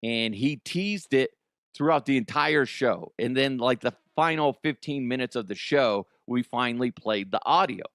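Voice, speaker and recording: A man's voice: medium pitch, moderate pace, fairly bright tone, dry recording, clean studio sound. Laughing, profane male comedy host. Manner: laughs often, profane, self-mocking. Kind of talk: casual comedic news chat.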